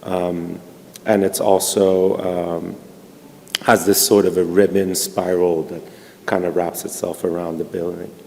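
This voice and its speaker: A man's voice: low-pitched, little pitch movement, unhurried, vocal fry, darkish tone. Hesitant man presenting in a big hall. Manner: hesitant, many fillers. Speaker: architect presenting a project. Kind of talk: conference presentation. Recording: long hall reverb.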